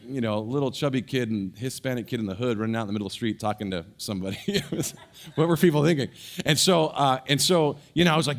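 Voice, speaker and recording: With a medium-pitched voice, a middle-aged pastor shares a personal story in his sermon. He's animated, frequently restarting and filling gaps with fillers.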